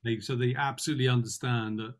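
A man's voice: medium pitch, steady tone. Hesitant man reflecting with fillers. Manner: halting, hesitant, many fillers and restarts. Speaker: client in consultation. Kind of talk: reflective conversation.

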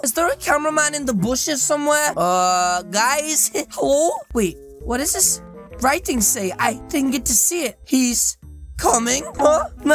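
Woman gamer, very high and bright voice, loud and excitable over faint music. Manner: loud, excitable, frequent laughing and shouting. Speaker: gaming YouTuber. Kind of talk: comedic role-play commentary over gameplay.

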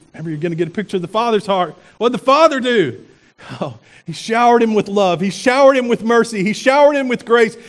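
A male pastor preaching a sermon in an animated way, asking the congregation rhetorical questions. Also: extremely high pitch.

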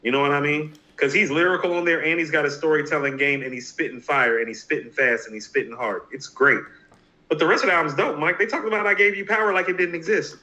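A man co-hosting a casual hip hop podcast, talking in an animated, emphatic way with frequent restarts. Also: a little high, fast talker, dull audio. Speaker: podcast co-host.

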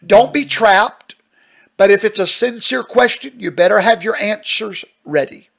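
A man's voice: high voice, measured pace, gravelly, fairly bright tone, poor audio. A male pastor teaching at a Bible study question and answer session, earnest and emphatic, often checking in with "Amen?".

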